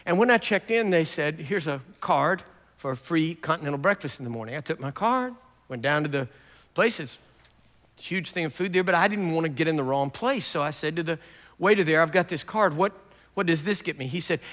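High-voiced older preacher in a reverberant hall. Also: male voice, a little fast. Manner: animated storytelling, swings from quiet to loud. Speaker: pastor. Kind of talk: sermon.

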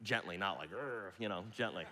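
A man preaching a sermon, with loud rising appeals that drop to hushed, almost whispered lines. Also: medium pitch, noisy background. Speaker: pastor. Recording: long reverb of a large hall.

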